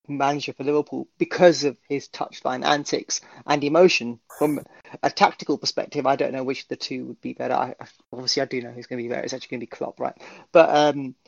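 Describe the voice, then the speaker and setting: A man co-hosting a football podcast, talking in an animated, jokey way and swearing freely. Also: mid-range voice, fast, vocal fry, no echo. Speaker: podcast co-host. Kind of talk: casual football call-in chat. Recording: dull dry podcast audio.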